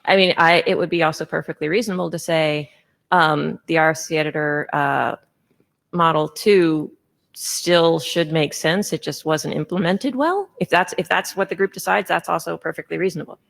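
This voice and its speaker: A woman's voice: low-pitched, normal speed, creaky. A woman chairing a conference meeting session, presenting a proposal in an informal way with many fillers and restarts. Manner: informal, filler-heavy, self-correcting.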